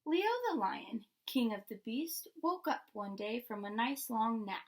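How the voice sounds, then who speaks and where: A woman reading a children's picture book aloud, slowly and expressively, with small slips. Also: a little high, lively intonation, slight background noise. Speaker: storyteller.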